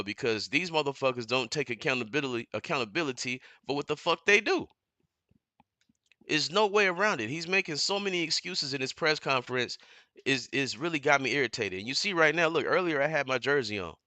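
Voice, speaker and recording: A man in a fired-up, profane fan rant on his live stream, repeating himself and getting louder as he goes. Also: mid-range voice, no echo. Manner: heated, profane, repeats himself, builds to shouting. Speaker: sports commentator streamer. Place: home living room.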